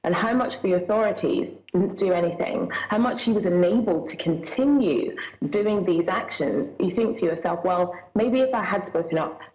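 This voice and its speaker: A woman's voice: fairly low pitch, moderate pace, darkish tone, roomy sound, poor audio. A woman with a Scottish accent, a guest recounting a personal experience in an earnest, vivid way, acting out what people said. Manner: earnest, vivid storytelling with acted-out dialogue.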